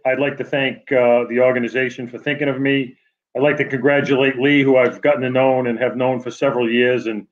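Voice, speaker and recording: A man with a New England accent giving an award acceptance speech over a video call, halting with many fillers and restarts. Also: medium pitch, muffled recording. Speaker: award honoree.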